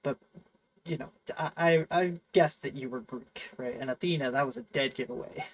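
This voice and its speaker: A man's voice: medium pitch, normal speed, lightly acted. A man quoting a chatty male talking head from a game, half putting on an accent. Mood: earnest. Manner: rough imitation of an accent.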